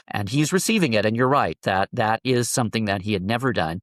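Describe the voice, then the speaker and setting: A man with a fairly low voice recounts a personal story, earnest and heartfelt, stopping and restarting as he goes. The sound is dry and close, with no room around it. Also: lively intonation, a little fast, hardly any pauses, a bit bright, no room sound. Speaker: interview guest.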